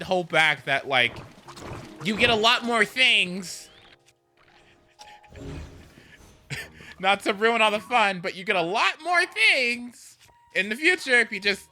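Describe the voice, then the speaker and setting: A man chatting casually while streaming a game, rambling and animated, with swearing and sudden whoops. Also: high-pitched, measured pace, long pauses, faint music behind. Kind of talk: casual gameplay chat.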